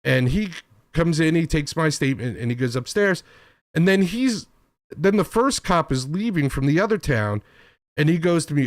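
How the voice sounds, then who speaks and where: An animated man telling a story, his pitch swinging high and low as he rants. He swears freely, sounds wronged, and slips into other people's voices. The sound is dry and close. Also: moderate pace, dry recording. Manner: swears often and sounds aggrieved. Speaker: host. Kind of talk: storytelling rant.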